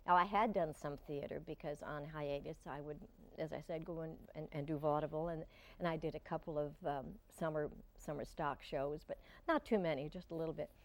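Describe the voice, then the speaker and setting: An older woman giving an interview, reminiscing in a warm, halting way with frequent restarts. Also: low voice, steady tone. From Portland, Oregon. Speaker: interview guest. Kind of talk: reflective interview talk.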